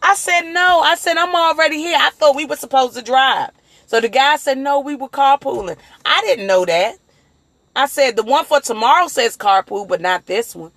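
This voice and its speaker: A woman hosting a casual motivational livestream on her phone, talking in a rambling, animated way and acting out the voices of people she quotes. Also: sits high, normal speed, no room sound. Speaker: livestream host.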